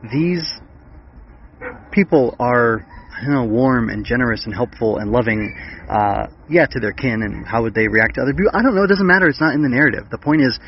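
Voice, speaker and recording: A man's voice: medium pitch, brisk, muffled recording, slight background noise. A man hosting a podcast, chatting casually about a book with many fillers and restarts. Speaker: podcast host.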